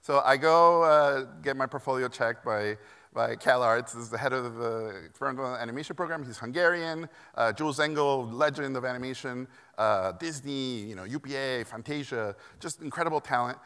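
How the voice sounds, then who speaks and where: A man from Mexico giving a keynote talk, telling lively stories with frequent laughter, on a stage microphone. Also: mid-range voice, moderate pace, clean tone. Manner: lively, animated anecdotes, laughing often. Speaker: keynote speaker. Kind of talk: storytelling keynote. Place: conference hall stage. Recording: echoey conference hall.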